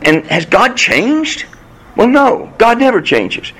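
A man's voice: very animated, a bit bright, husky, rough recording. Emphatic preacher man. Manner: emphatic, rhetorical questions, rising to high bursts; slows for scripture, speeds up in the story. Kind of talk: sermon with storytelling.

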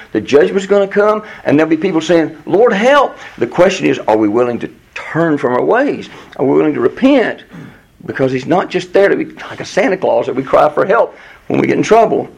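A man's voice: lively intonation, a little fast, vocal fry, breathy edge, rough recording. A man teaching through a Bible book verse by verse, earnest and emphatic, reading passages aloud and explaining them to a class. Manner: earnest, emphatic, rises in pitch on quoted pleas.

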